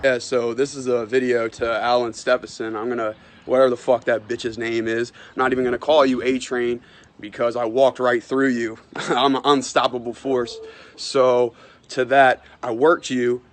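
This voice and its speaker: Profane, aggressive amateur fighter. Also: male voice, medium pitch, level tone, normal speed. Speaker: amateur fighter calling out a rival. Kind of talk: trash-talk callout video.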